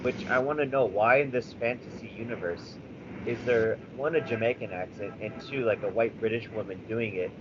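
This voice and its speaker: A man co-hosting a podcast in casual chat, animated and rambling, swearing freely with lots of fillers. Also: fairly low pitch, normal speed. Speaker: podcast co-host. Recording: slightly dull audio with faint background noise.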